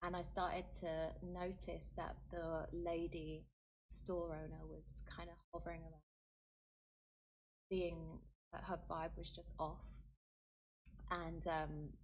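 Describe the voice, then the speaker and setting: A woman's voice: sits low, little pitch movement, slow pace, long pauses, slight background noise. A woman telling her own experience in an interview, earnest, with fillers and rising intensity, from an archived clip. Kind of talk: personal account in an interview.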